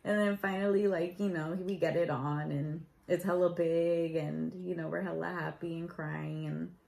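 A woman's voice: lowish voice, moderate pace, creaky, poor audio. A young woman telling her proposal story in a casual vlog, chatty and full of "like" fillers. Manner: chatty, lots of "like" fillers, animated retelling.

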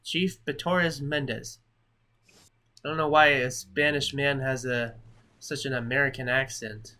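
Male Let's Play host, bright tone, jokey and self-mocking, casual. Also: mid-range voice, steady tone, measured pace, clean tone. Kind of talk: casual gameplay commentary.

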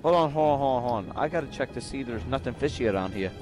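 A man's voice: medium pitch, expressive, rapid-fire, over music. A man in casual game voice chat, whiny and demanding, repeating himself over and over through a headset.

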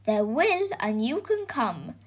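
A bold, good-natured knight from a storybook, read by a woman. He sounds hearty and reasonable, slightly higher than a grown man, at a leisurely pace. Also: sing-song, slow pace, slightly rough, exaggerated voice.

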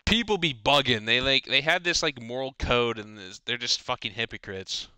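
A man's voice: mid-range voice, normal speed, hardly any pauses, pushed and bright, smooth, no echo. A teenage boy hosting a casual podcast, telling a long, profane, rambling rant about school. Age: teens. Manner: rambling, profane ranting storytelling. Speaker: podcast host. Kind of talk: casual chat.

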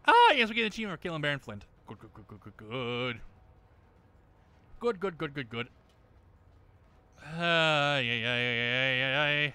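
A man commentating his own shooter gameplay, swearing often and breaking into loud shouts at enemies. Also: fairly high pitch, sing-song, a little slow, long pauses, smooth. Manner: profane, bursts into yelling at enemies. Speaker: gameplay streamer. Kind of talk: let's-play commentary.

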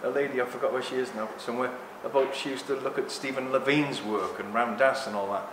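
A man giving a rambling, joking live talk to an audience, speaking loudly without a microphone. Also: mid-range voice, fairly even intonation, quick pace. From Greek heritage. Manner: jokey, rambling, loud. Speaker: guest speaker. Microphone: no microphone, room recording. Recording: echoey room with background noise.

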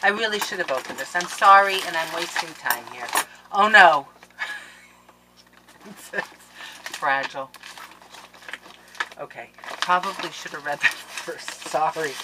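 A woman hosting a crafting channel, chatting casually to viewers in a gushing, excitable way as she opens mail at home. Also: low voice, measured pace, pauses often. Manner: excitable and gushing, with gasps and laughs. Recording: noisy background with clicks.

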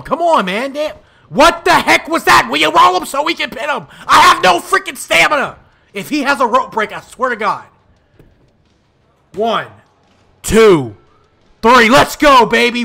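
A young man talking over a wrestling video game he is playing, mixing loud trash talk and outbursts with mumbled asides. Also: extremely high pitch, creaky. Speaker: gaming YouTuber.

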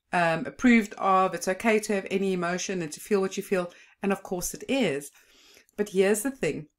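A middle-aged woman, an emotional intelligence educator, explaining parenting styles in a conversational way with fillers and restarts. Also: lowish voice. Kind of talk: teaching talk to camera.

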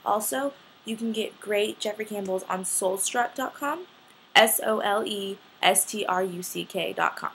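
A teenage girl with a voice of ordinary pitch tells a story for her fashion vlog. She talks in an excited, gushing way. Her sentences are loose and filler-heavy, with faint noise behind her. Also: moderate pace. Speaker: fashion vlogger.

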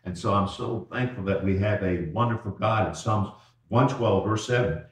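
A man preaching an evening sermon as pastor, folksy, repeating words and slowing down on key phrases. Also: on the low side, distant mic. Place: church sanctuary. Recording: echoey church from afar.

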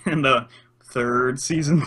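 A young man co-hosting a podcast in casual chat, cracking crude deadpan jokes. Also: medium pitch, slow, husky. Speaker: podcast co-host.

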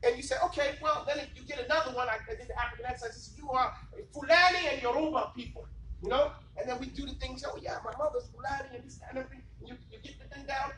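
High-voiced man lecturing a class. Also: fairly even intonation, fast, sharp tone. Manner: emphatic, preachy, keeps asking the class rhetorical questions. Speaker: Islamic teacher. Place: classroom, indoors. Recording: echoey room from far off, faint noise.

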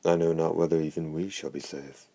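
A man's voice: extremely low pitch, level tone, brisk, gravelly, warm tone. A man reading a formal noble countess. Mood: grave. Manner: stiff, old-fashioned phrasing.

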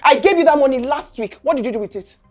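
A woman's voice: high-pitched, expressive, quick pace, faint music behind. An actress with a Nigerian accent playing a stern middle-aged mother who scolds her son with insistent, repeated questions. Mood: angry. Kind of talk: film drama acting.

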